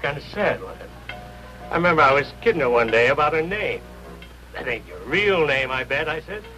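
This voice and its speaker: Old doorman, gruff, slangy, bright, sharp voice, 1950s TV drama. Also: on the high side, very animated, brisk, low-quality recording. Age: older. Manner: slangy, folksy talk. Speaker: doorman at a rehearsal hall. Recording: 1950s TV soundtrack with faint music.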